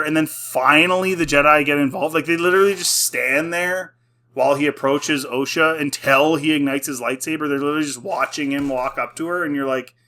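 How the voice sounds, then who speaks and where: A young man rants through a casual video review, exasperated and sarcastic, with a bright, forceful edge to his voice. His pitch sits a little high. He piles up fillers and disbelieving asides. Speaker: YouTube reviewer.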